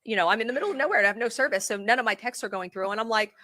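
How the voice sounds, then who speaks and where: A woman's bright, crisp voice recorded close and dry, as she spins an animated, laugh-filled tale for her interviewer. She talks the way a real estate pro gossips with a friend, quick to giggle and play every part. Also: on the high side, dry recording. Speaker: real estate consultant, guest. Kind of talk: casual storytelling interview.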